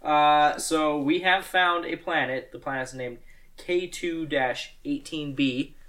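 A man's voice: a little high, slow pace, bright, forceful tone. A man in casual chat with friends, joking and swearing and often laughing as he talks.

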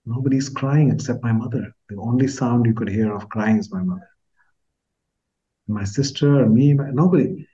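A man in his sixties from India, telling a heartfelt personal story in an earnest, reflective way, his voice fading softly at the ends of phrases. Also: mid-range voice, moderate pace, dull audio. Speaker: guest author.

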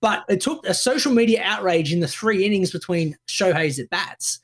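A man tells a story on a podcast in a relaxed, conversational way. His voice sits very high for a man and moves around a lot in pitch. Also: moderate pace. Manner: conversational, recounting, agreeable. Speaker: podcast co-host. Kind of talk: casual storytelling chat.

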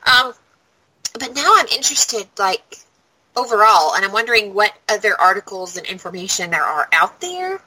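A woman's voice: mid-range voice, big pitch swings, moderate pace, bright, forceful tone, breathy edge, rough recording. A woman co-hosting a podcast in casual chat, rambling along with constant "like" fillers. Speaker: podcast co-host.

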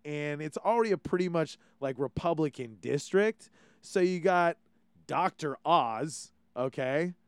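A man's voice: on the high side, animated, a little slow, clear, resonant tone, no echo. A man from Hawaii hosting a podcast, ranting casually and swearing freely as he acts out quotes. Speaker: podcast host. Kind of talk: casual opinion chat.

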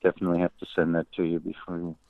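Older male musician guest, deep-voiced, wry anecdotal storyteller, heard over a tinny, dry remote line. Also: monotone, racing, dry recording. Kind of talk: interview storytelling.

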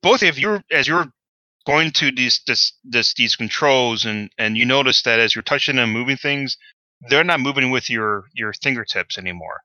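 Bright, smooth-voiced man running a tabletop game. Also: medium pitch, animated, dry recording, dull audio. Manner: halting, many uh and um fillers. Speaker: game master.

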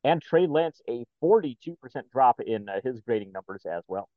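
A man co-hosting a podcast, calmly reading out numbers in casual chat. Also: medium pitch, moderate pace, no room sound, narrow, tinny audio. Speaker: podcast co-host.

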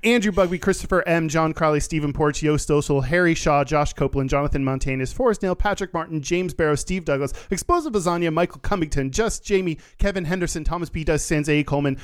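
A man's voice: on the high side, fast, hardly any pauses, smooth. A man co-hosting a podcast in casual, joking chat, laughing often. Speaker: podcast co-host.

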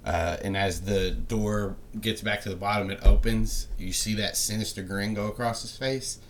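A man's voice: lowish voice, steady tone, moderate pace, slight background noise. A man narrating as game master of a tabletop game, rambling along with many fillers.

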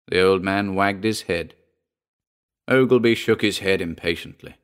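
A man narrating a 1940s pulp story in a steady, dramatic reading. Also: sits low, measured pace. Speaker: audiobook narrator.

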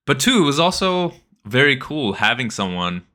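A man's voice: mid-range voice, very animated, moderate pace, sharp tone. A man co-hosting a podcast, telling a rambling story in casual chat with lots of fillers. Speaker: podcast co-host.

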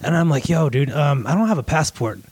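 A man's voice: on the high side, lively intonation, brisk, darkish tone, breathy edge, no room sound. A man chatting casually, telling a long story in a laid-back, profane way and often saying "dude". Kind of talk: casual chat.

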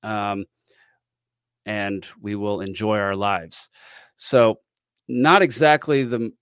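A man with a slightly low voice talks off the cuff as a podcast host, rambling and wry, trailing off into ums and small laughs. The sound is dry and close, with no room echo. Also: fairly even intonation, slow, fairly bright tone, clear, resonant tone. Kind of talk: casual commentary.

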